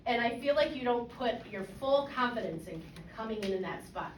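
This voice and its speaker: A woman's voice: fairly high pitch, expressive, brisk, distant mic, a little hiss or hum. Woman band clinician, casual and encouraging; recorded from afar in a roomy rehearsal space. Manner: casual, encouraging, lots of fillers and checks for understanding. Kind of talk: coaching a student ensemble. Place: rehearsal room. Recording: echoey room, voice from afar.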